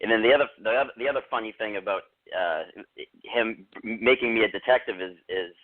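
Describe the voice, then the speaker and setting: A man's voice: on the low side, fairly quick. A man in his forties, a guest author, telling anecdotes in casual interview chat on a phone headset with a tinny sound. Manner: chatty, anecdotal. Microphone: Bluetooth headset on a phone call.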